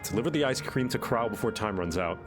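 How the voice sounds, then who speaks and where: A man's voice: lowish voice, animated, fast talker. Playful man streaming over game music. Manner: playful, reads game dialogue aloud, coos at pets. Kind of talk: casual gameplay commentary. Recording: game music playing behind.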